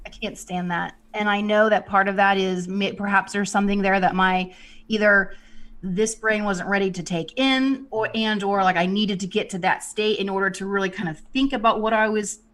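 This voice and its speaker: A woman who works as a psychic medium talks in a loose, rambling way. She leans on "you know" and restarts her sentences often. Her voice sits at an ordinary middle pitch. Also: a bit bright. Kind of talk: casual spiritual talk.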